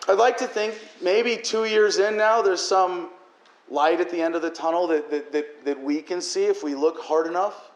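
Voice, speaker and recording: A political speaker with a high voice addresses a crowd at normal speed, delivering an emotional, profane rant as his voice cracks toward tears. The recording is muffled and echoes like a hall.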